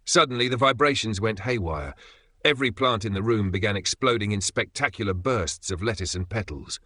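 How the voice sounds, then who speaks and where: A man giving brisk, dry scripted comic narration. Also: fairly low pitch, expressive, bright, forceful tone, no echo.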